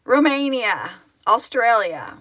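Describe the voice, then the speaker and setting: On a live stream captured by phone, a middle-aged fan-project founder talks casually, choking up with tears as she names the places viewers are joining from. She speaks slowly in a somewhat high, sing-song, slightly bright voice, and there's no room sound.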